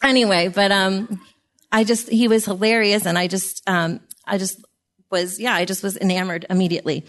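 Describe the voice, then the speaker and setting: A middle-aged woman looks back on a personal story as a guest on a podcast. She speaks in a reflective, gently emotional way, with a pitch in the middle range for a woman. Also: little pitch movement, normal speed. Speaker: podcast guest, host's wife.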